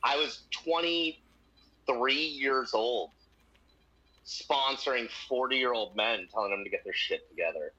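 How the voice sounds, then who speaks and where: A man in his thirties chatting casually on a podcast, telling profane, animated anecdotes with quoted voices. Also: mid-range voice, slow pace. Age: 30s. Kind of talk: casual chat, storytelling. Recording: dull lo-fi audio.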